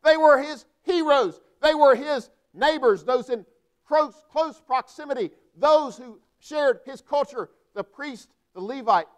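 A man's voice: extremely high pitch, unhurried. A man, a pastor preaching a sermon with emphatic delivery and frequent rhetorical questions. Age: 40s.

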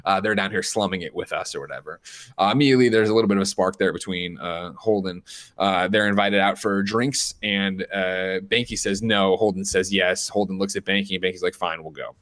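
Podcast co-host, man in his 30s, lowish voice, lively scene-by-scene retelling. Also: brisk. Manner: animated retelling, jumps into loud impressions of film lines. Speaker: podcast co-host recapping a film. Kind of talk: casual chat.

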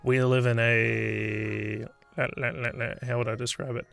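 A man's voice: mid-range voice, level tone, measured pace, creaky, a bit bright, soft background music. A man with an Australian accent, streaming live as he codes, rambling and thinking aloud with frequent restarts. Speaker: streamer and game developer. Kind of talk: casual live-stream chat while coding.

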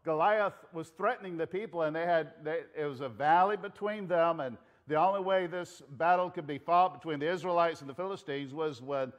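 A man with a Southern US accent preaching a sermon as pastor, telling the story with animated delivery, shouting out lines and dropping to hushed asides. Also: on the high side, brisk, few pauses, lo-fi sound.

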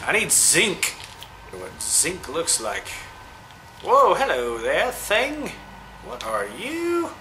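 A man giving chatty, excitable let's-play commentary, cooing at the creatures he meets. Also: sits high, extremely slow, a little hiss or hum, poor audio. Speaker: gamer.

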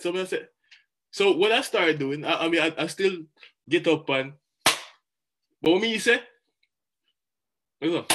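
A man giving a motivational talk, animated and chatty, often repeating words as he goes. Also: sits high. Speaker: motivational speaker.

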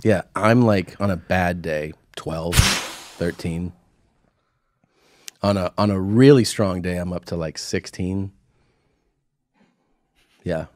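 A man telling stories in a casual comedic chat, animated, slipping into voices and laughing often. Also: low-pitched, slow, pauses often. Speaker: comedian podcast host.

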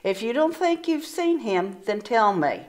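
A woman's voice: a little high, very animated, a little slow, darkish tone. A woman doing a stern, wise guardian sister. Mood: testing. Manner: firm, questioning, commanding.

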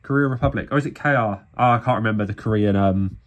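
An English man with a lowish voice talks fast in a casual vlog, opening sticker packs for his viewers. As a sticker-collecting YouTuber, he comes across tired and pokes fun at himself.

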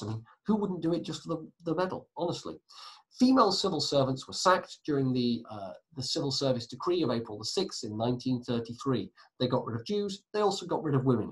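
A man's voice: mid-range voice, low-quality recording. Chatty male history teacher. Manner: chatty, asides and self-corrections. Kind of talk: recorded lesson.

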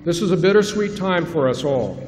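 A man's voice: on the high side, lively intonation, darkish tone. A middle-aged man, a faculty member, giving a formal, reflective commencement address from a podium. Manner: reflective, measured, rhetorical questions. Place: large hall at a graduation ceremony. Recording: reverberant hall, faint hiss.

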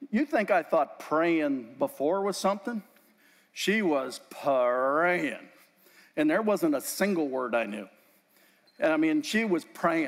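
A man's voice: fairly high pitch, big-room sound. A man giving a faith-based talk to a live group, telling a personal story and acting out his own past outbursts. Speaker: Christian motivational speaker. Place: event venue in a hall.

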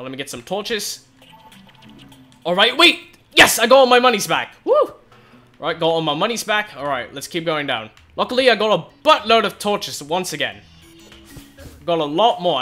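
High excitable young man playing a game. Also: moderate pace, faint music behind. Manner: excitable, shouts and exclaims often. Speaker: gaming video host.

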